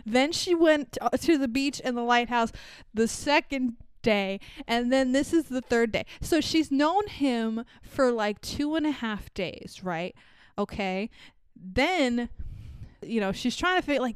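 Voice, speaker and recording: A woman's voice: on the high side, animated, measured pace, clear, resonant tone, no echo. A young woman co-hosting a podcast, recapping a movie in sarcastic, profane casual chat with frequent laughter. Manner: sarcastic, swearing, laughs often. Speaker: podcast co-host.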